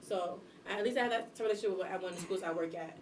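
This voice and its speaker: A young woman talks fast and bluntly, with lots of energy. She sits back from the microphone in an echoey room. A faint room hum runs underneath. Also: lowish voice, distant mic. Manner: blunt, animated, acts out scolding voices. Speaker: guest, substitute teacher and airport worker. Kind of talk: casual podcast chat.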